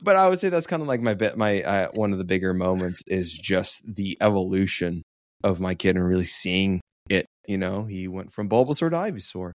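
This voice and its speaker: Man, lowish voice, dry close sound, upbeat chatty podcast talk, lots of fillers. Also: expressive, a little fast, no room sound. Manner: upbeat, joking, filler-heavy. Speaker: podcast co-host. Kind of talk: casual chat.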